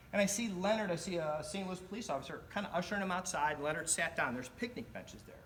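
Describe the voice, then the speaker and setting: Brief: middle-aged male storyteller, fairly high bright voice, animated delivery, faint room noise. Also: quick pace, few pauses. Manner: animated, acts out quoted voices. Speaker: club speaker. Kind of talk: storytelling speech.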